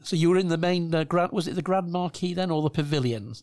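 A man interviewing a guest, encouraging him and asking halting questions. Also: a little high, darkish tone, no room sound, studio quality. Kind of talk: conversational interviewing.

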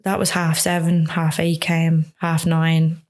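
Low, flat-voiced Irish woman telling her story. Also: takes it slowly. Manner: earnest, frank, lots of "like" fillers. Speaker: guest. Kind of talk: recounting a personal story in conversation.

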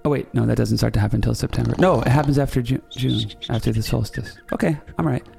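A man's voice: mid-range voice, fast, vocal fry, darkish tone, soft background music. A man hosting a comedy podcast, telling a rambling story in a playful way and correcting himself as he goes. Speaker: podcast host. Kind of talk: comic storytelling.

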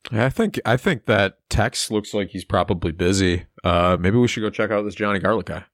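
A man's voice: on the low side, a little fast, no room sound, clean studio sound. A man playing a tabletop game, easygoing and joking. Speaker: player. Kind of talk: casual tabletop game play.

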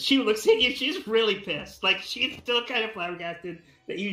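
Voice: mid-range voice, expressive, normal speed, few pauses, fairly bright tone. Rambling tabletop game master. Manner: rambling, with frequent fillers and laughs. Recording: echoey room with faint music.

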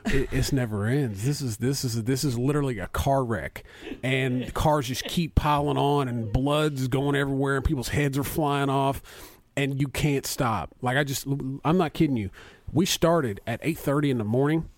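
A man's voice: medium pitch, moderate pace, no echo. Rambling man spinning exaggerated stories. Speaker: podcast guest, father. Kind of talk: casual podcast chat.

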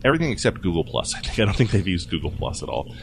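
A man hosting a casual tech news podcast, jokey and quick to laugh as he runs through the stories. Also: sits low, vocal fry, a little hiss or hum. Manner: jokey, animated, laughs often. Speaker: podcast host.

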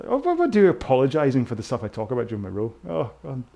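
A British man talks through a rowing session. He mixes technique tips with rambling asides and gently pokes fun at himself. His voice sits in a middle pitch. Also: huge pitch swings, fast, vocal fry. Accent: British English. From Britain. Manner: rambling, self-mocking, chatty. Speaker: rowing instructor. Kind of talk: casual talk over a row-along workout.

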